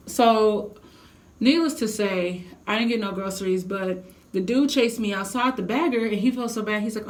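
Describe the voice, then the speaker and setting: A woman's voice: mid-range voice, normal speed, darkish tone. A young adult woman telling a heated storytime to her vlog viewers, venting with blunt, profane language. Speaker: vlogger.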